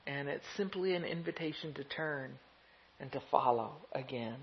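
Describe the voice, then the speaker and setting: A pastor preaching a gentle, reflective sermon, laughing softly now and then. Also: medium pitch, moderate pace. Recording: dull lo-fi recording.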